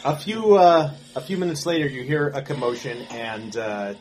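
A man narrating a tabletop game as game master, halting, with many fillers and restarts. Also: medium pitch, a crowd in the background.

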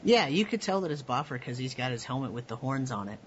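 A man narrating as game master for a tabletop game, quick and chatty. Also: medium pitch, very animated. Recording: dull lo-fi recording with faint hiss.

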